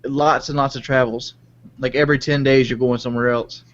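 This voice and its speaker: A man's voice: mid-range voice, little pitch movement, fairly quick. A man hosting a casual talk show, blunt and profane, pressing callers with questions. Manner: blunt, swears, probing questions. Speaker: show host. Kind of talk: casual chat. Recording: muffled lo-fi audio.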